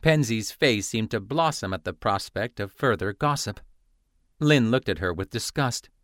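A man reading a novel aloud as an audiobook narrator, in steady scripted narration. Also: on the low side, moderate pace, dry recording, clean studio sound.

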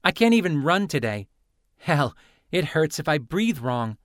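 Guy doing a snooty young woman, cutting, higher voice, dry audiobook read. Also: very animated, unhurried, no echo. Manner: condescending.

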